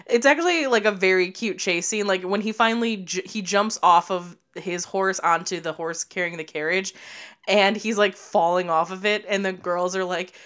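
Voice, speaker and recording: A woman's voice: mid-range voice, normal speed, a bit bright. A woman co-hosting a podcast, casually recapping a movie, laughing often and swearing as she acts out lines. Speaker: podcast co-host.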